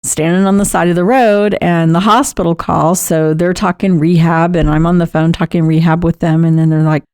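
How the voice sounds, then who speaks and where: Gravelly-voiced woman chatting. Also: fairly low pitch, moderate pace, hardly any pauses, no echo, studio quality. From Texas. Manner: chatty, animated, laughs often. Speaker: podcast host and caregiver. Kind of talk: casual personal storytelling.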